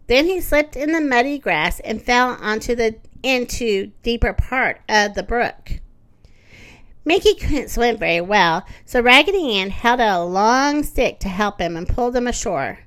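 A woman reads a children's story aloud. Her delivery is expressive, and her fairly high voice rises and falls a great deal. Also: a little slow. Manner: expressive, lively.

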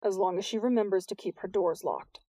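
A middle-aged police sergeant, voiced by a woman reading aloud, flat and clipped, dropping a little lower and quieter than the teens. The delivery is unbothered and dismissive, recorded close and dry. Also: fairly quick, breathy edge, dry recording, close to an everyday voice.

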